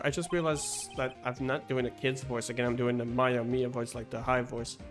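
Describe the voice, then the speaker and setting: A woman's voice: a bass voice, flat delivery, moderate pace, soft background music. A woman commenting on her own game play in a chatty, self-mocking way. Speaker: gaming video creator.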